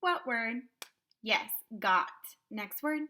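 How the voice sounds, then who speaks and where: Woman kindergarten teacher, bright tone, very slow deliberate phonics prompts, cheerful and clear. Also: fairly high pitch, lively intonation. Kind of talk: online phonics lesson.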